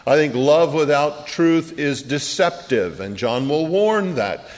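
A man preaching a sermon as pastor, earnest, slowing down on key phrases and quickening in asides. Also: a little high, lively intonation, darkish tone. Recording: long reverb of a large hall.

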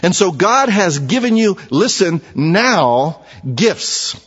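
A man's voice: high-pitched, big pitch swings, takes it slowly, fairly bright tone, slightly rough. A man preaching a sermon as pastor, conversational, with rhetorical questions and repeated words. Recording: dull, echoey church hall recording.

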